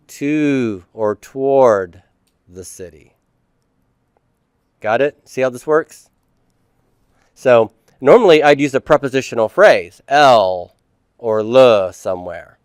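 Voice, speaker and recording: Male teacher, middle-aged, lectures at a slow pace and quizzes himself out loud. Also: mid-range voice, clean tone, dry recording, studio quality. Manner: explains step by step, asks and answers own questions. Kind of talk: classroom lecture.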